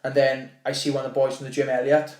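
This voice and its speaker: Welsh lad rattling off a story quick, mid pitch, lots of swearing, roomy echo. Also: male voice. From Wales. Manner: animated, swearing, restarts and acts out quotes. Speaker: podcast guest, fighter. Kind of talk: casual storytelling chat.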